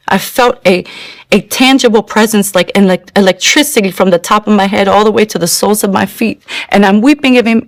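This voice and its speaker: Gravelly woman giving an earnest testimony. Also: mid-range voice, dry recording. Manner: earnest, emotional, slow in places. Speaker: testimony speaker. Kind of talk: personal testimony.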